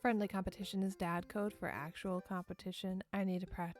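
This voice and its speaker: A woman's voice: mid-range voice, level tone, fairly quick, faint music behind. A woman streamer reading a visual novel aloud and voicing the player character in a playful, jokey way.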